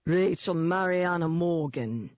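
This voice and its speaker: A woman voicing a menacing male shapeshifting demon with a honey-sweet, mocking London accent, taunting slowly in an audiobook. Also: deep voice, darkish tone, no room sound, dull audio, full character voice. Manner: slow, taunting. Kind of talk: audiobook character voice.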